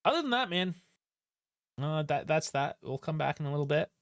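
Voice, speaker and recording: A man's voice: a little high, very animated, a little fast, dry recording, clean studio sound. A man hosting a live football stream, talking in a casual, frustrated and sarcastic way, with plenty of swearing. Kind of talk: casual live-stream post-match rant.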